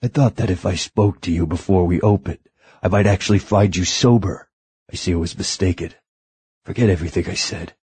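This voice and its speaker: A man voicing an educated, dignified male maître d' who speaks in a low, measured, formal way. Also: warm tone, husky, no room sound. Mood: urgent, stern.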